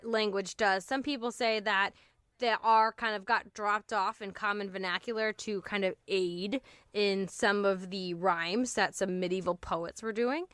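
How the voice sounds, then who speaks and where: A woman's voice: medium pitch, fairly even intonation, clear, resonant tone, no room sound, clean studio sound. A woman co-hosting a podcast, chatting casually and joking about word history. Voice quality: bright, joking, quick to laugh. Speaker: podcast co-host. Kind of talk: casual comedic chat.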